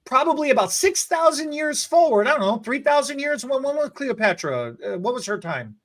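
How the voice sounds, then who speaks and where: Animated man telling a story, laughing. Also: very high voice, brisk. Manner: animated, laughing storyteller who acts out quotes. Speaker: podcast co-host, hair stylist. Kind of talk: casual storytelling chat.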